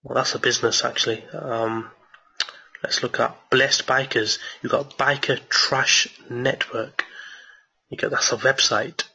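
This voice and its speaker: An excited man talking viewers through a marketing tutorial late at night, repeating words and restarting sentences as he goes. His voice is bright and a little husky. The recording sounds dull and lo-fi. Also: medium pitch, measured pace. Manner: enthusiastic, repeats himself, many restarts. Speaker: online marketing teacher. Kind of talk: screen-share tutorial with viewer Q&A.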